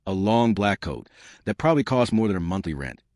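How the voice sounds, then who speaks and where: A man narrating a dramatic story in a scripted, expressive way. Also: lowish voice, fairly quick, no room sound, studio quality.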